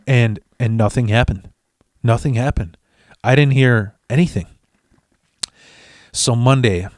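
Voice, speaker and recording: A man's voice: mid-range voice, no echo, clean studio sound. A man hosting a podcast, telling a story in a fired-up, profane way, tripping over restarts. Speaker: podcast host. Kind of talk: casual storytelling. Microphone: studio mic.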